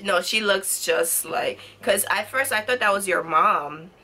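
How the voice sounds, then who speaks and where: A woman's voice: medium pitch, animated, measured pace, bright, forceful tone, a little hiss or hum. A woman who is a guest in a casual chat. She is enthusiastic and affirming. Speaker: guest YouTuber.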